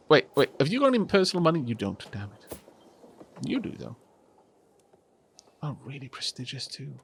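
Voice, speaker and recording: Animated Welsh man streaming a game. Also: on the high side, normal speed, gravelly, pauses often, a little hiss or hum. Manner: chatty and rambling, with many restarts. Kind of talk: casual live-stream chat.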